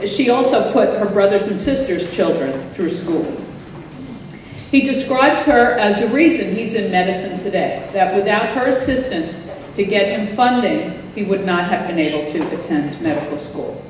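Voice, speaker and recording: A woman presents at an award ceremony and reads excerpts aloud in a measured, formal way. Her voice sits at a middle pitch. It comes from far off in a large hall with a long reverb. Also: expressive, a little hiss or hum. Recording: echoey hall, mic heard from far off.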